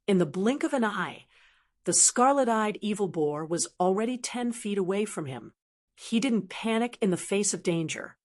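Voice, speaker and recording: A woman narrating a martial arts audiobook in steady, even storytelling. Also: medium pitch. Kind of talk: scripted narration.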